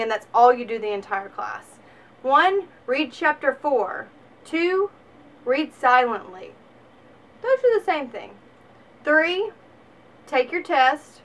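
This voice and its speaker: High, bright sarcastic Southern woman. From Alabama, US. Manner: sarcastic, animated. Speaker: vlogger. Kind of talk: comedic vlog monologue.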